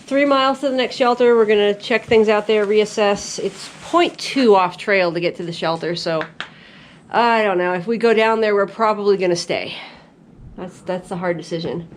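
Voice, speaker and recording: On a mountain trail, a woman thru-hiker vlogs to her camera in a medium-pitched voice at normal speed, with slight background noise. Chatty and giggly, she tells a story in casual outdoor narration.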